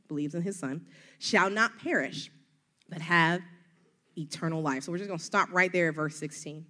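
A woman's voice: lowish voice, moderate pace. Woman preacher, Southern accent, earnest, encouraging, middle-aged, sermon. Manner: earnest, encouraging, rhetorical questions.

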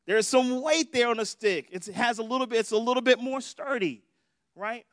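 A man preaches in a loose, conversational style, often pausing to ask "right?". His voice sits high for a man, and the recording is dry and close. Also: fairly bright tone, no echo. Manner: conversational, playful, keeps asking "right?". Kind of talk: sermon.

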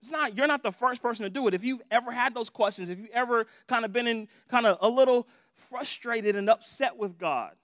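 High-voiced man preaching casually. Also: brisk, fairly bright tone, no room sound, clean studio sound. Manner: conversational, acts out prayers and voices. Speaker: pastor. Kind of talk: sermon.

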